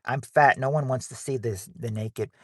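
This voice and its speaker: A man's voice: medium pitch, normal speed, a bit bright, dry recording, studio quality. A man hosting a livestream game night on his phone in a casual, rambling way, reading out viewers' names and answers.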